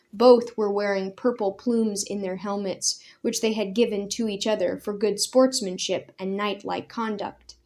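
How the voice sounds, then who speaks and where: A woman storyteller reading a children's chapter book aloud in a gentle, expressive way. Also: mid-range voice. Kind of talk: storybook read-aloud narration.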